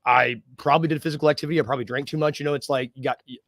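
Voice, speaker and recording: A man's voice: medium pitch, fairly even intonation, rapid-fire, a bit bright, no echo. A man from the United States hosting a casual sports podcast, joking and rambling with lots of fillers and restarts. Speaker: podcast host.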